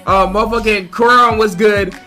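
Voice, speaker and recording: A young man hosting a livestream, firing off casual, profane shout-outs to his chat. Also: high-pitched, fairly even intonation, moderate pace, soft background music. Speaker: livestream host.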